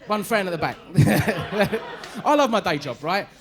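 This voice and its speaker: A man in his forties with a London Cockney accent doing a stand-up set on a club stage, his voice pitched high. He talks in a punchy, chatty way and keeps tagging his lines with "right?". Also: animated, unhurried, background noise. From East London, England. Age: 40s. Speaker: stand-up comedian.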